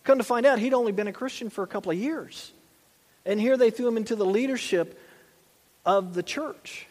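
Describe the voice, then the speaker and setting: Preaching in a conversational style, this male pastor keeps repeating and restarting his phrases. He has a high, brisk voice, and the recording carries a long hall reverb.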